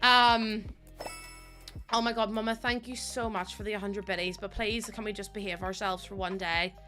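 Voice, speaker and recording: Bright, chatty Northern Irish woman. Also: medium pitch, fairly even intonation, moderate pace, soft background music. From Northern Ireland. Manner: chatty and rambling, laughs often, talks to viewers. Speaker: streamer. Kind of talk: casual live-stream chat while building in a game.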